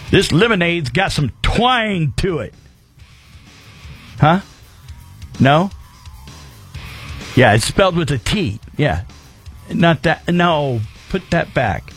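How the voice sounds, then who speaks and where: Rock radio DJ, male, slow laid-back delivery, lively up-and-down voice, playful banter over a faint music bed. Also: on the high side. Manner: loose, playful, repeats numbers.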